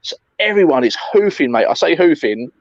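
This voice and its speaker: A man tells a night-game story in a lively, sweary chat, with a slightly higher voice than most men. The sound is dry and a little dull, recorded close with no room around it. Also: fairly quick, no room sound. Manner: animated, swearing, lots of fillers and "mate". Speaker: airsoft player recounting a game.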